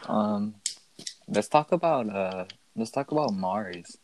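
A man's voice: on the low side, animated, slow pace, a little mellow, slight background noise, poor audio. A young man hosting a casual podcast chat, loose and joking, full of slang. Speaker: podcast host.

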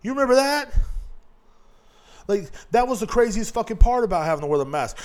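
A man's voice: high-pitched, sing-song, brisk. A man hosting a casual podcast, ranting in a profane, rambling way and mocking people in put-on voices. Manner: gets loud and worked up. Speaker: podcast host. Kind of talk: casual rant.

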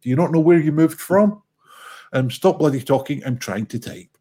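A man's voice: on the high side, normal speed, dark tone, husky. A man, co-hosting a livestream, chatting casually with jokey, sweary, rambling banter. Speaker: livestream co-host. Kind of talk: casual stream chat.

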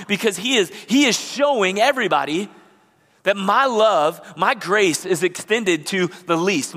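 A man preaching a sermon as pastor, lively and conversational, acting out the people in his stories. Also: high-pitched, big-room sound. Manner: animated preacher who acts out the people he describes. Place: church sanctuary.

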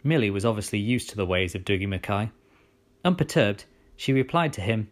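A man's voice: on the low side, brisk. Man narrating a storybook. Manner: steady first-person storytelling.

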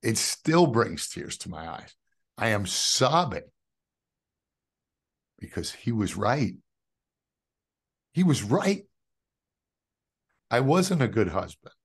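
Lowish-voiced man sharing a faith testimony. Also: slow pace, long pauses, breathy edge. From New York. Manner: animated storyteller who acts out quoted dialogue; calls the host brother. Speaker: podcast guest.

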